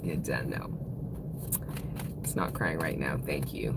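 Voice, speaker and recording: A woman in her thirties with a very deep, creaky voice speaks slowly over background noise. She's a tarot reader doing a casual live stream, swearing freely, laughing often and talking with open emotion in a playful way.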